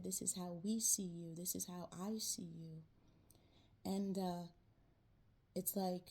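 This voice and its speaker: A woman with a mid-range, gravelly voice, darkish and slightly rough, gives her viewers a casual tarot reading to camera. She's chatty and slangy, tossing in "man" and "yo" and checking in over and over with "right?" and "you know."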